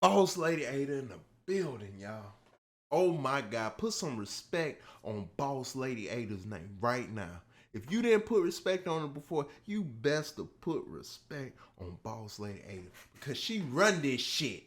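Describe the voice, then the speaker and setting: A man hosting a casual TV reaction video, talking to his viewers, swinging from quiet musing to loud excited hype. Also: a little high, measured pace. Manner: excitable, addresses viewers as y'all, drifts between hushed musing and loud hype.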